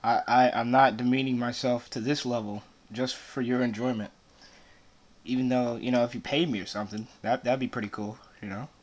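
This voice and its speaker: A man's voice: mid-range voice, steady tone, fairly quick. A man chatting between takes of his own rap song in a studio, weary and self-mocking as he rambles. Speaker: amateur rapper recording takes.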